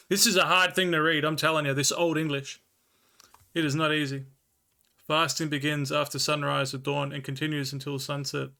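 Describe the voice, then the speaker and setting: An Australian man livestreaming, chatting casually with viewers and slowly reading old scripture aloud. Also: on the high side, flat delivery, gravelly, pushed and bright. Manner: laid-back, chatty, reads old scripture slowly and carefully.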